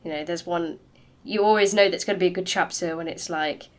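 A woman's voice: fairly low pitch, a little fast. Enthusiastic woman podcast co-host. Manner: animated, enthusiastic, laughs easily. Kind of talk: casual book chat.

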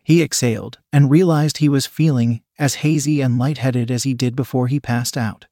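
A man narrating a scripted story in a measured, steady reading manner. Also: medium pitch, dry recording, studio quality.

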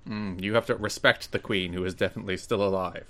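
A man hosting a podcast in casual chat, teasing his co-host with dry, deadpan banter. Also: deep voice, fast talker.

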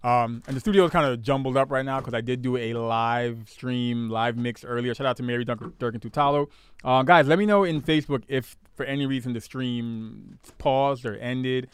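Chill dj guy hosting a stream from his studio, clear dry voice, jokes around. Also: medium pitch, normal speed, no echo. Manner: easygoing, joking, keeps the show moving. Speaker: DJ and podcast host. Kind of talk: casual livestream chat. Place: home studio.

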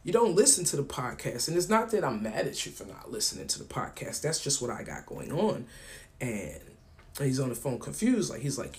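Rambling casually on his podcast, a man tells stories and performs both sides of phone calls, speaking loosely with frequent slang. His mid-range voice has a sing-song lilt and a brisk pace.

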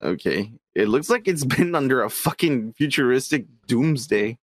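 A man's voice: medium pitch, lively intonation, moderate pace, no echo. Cheery, teasing podcast co-host man. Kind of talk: crude drunk casual chat.

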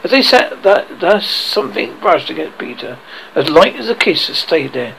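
A man's voice: sits high, sing-song, normal speed, vocal fry, fairly bright tone, a little hiss or hum, poor audio. A man narrating a storybook aloud, often stumbling and correcting himself. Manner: reads with frequent stumbles and self-corrections. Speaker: audiobook reader.

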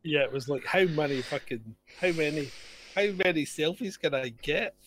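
A man's voice: fairly high pitch, animated, normal speed, fairly bright tone, slight background noise. A man co-hosting a podcast, blunt and indignant, swearing freely. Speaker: podcast co-host. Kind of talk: sweary political chat.

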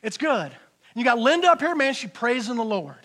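A middle-aged man giving a personal testimony in church, telling his story in an animated way and often repeating words. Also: very high voice, fairly quick.

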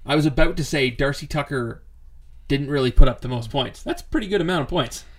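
A man co-hosting a casual sports podcast, opinionated and emphatic, and quick to laugh. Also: medium pitch. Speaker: podcast co-host.

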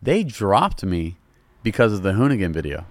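A man's voice: on the low side, sing-song, moderate pace, dry recording, clean studio sound. A man with a Southern US accent, a podcast guest talking loosely and casually, calling people bro. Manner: laid-back, loose, calls people bro. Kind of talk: casual chat.

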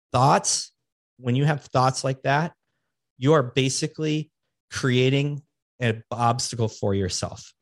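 A man's voice: mid-range voice, dry recording. A man hosting a podcast, giving earnest motivational advice in a coaching manner and repeating key phrases for emphasis. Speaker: podcast host.

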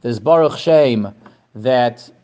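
A man giving a Torah lesson to a class, animated, asking questions and often repeating words. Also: medium pitch, slow pace, dull audio. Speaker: Torah teacher. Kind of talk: lecture to a class.

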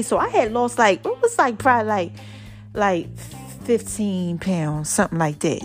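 Expressive woman podcaster telling her story. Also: mid-range voice, normal speed, faint music behind. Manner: expressive, conversational, addresses listeners directly as y'all and baby. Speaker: podcast host. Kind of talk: personal storytelling to listeners.

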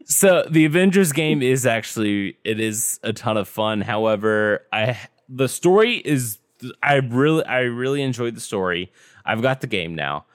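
A man hosting a casual podcast chat, giving news updates in a relaxed way with lots of ums and restarts. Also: mid-range voice, normal speed, no echo, clean studio sound. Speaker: podcast host.

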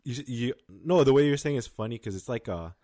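A young man from Los Angeles County co-hosts a podcast, chatting casually and filling his talk with lots of fillers. His medium-pitched voice is expressive, warm and fairly quick. The recording is clean studio sound with no room echo.

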